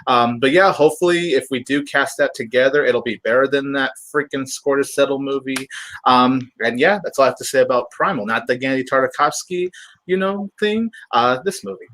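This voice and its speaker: Young male co-host, bright tone, sarcastic and jokey, filler-heavy. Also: mid-range voice, fairly quick, slight background noise, low-quality recording. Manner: sarcastic, joking, drifting with fillers. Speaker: podcast co-host. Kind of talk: casual movie preview chat.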